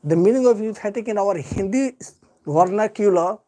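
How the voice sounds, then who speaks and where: A man's voice: sits high, moderate pace, mellow. A man with an Indian English accent teaching an English grammar lesson live, lecturing earnestly and repeating key points with heavy stress.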